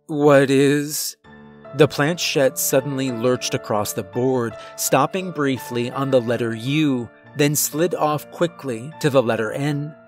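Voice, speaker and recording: A man reading a scripted first-person horror story in a measured, suspenseful way. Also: mid-range voice, soft background music.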